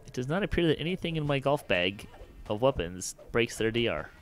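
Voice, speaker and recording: A man's voice: mid-range voice, very animated, fairly quick, soft background music. A man chatting casually and making dry, wry remarks while playing an online game with friends. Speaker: podcast co-host and player. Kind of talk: casual gameplay chat.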